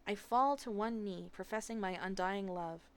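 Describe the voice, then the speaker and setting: A woman reading a novel aloud live in steady, expressive narration. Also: medium pitch, moderate pace, clean tone. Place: home streaming setup.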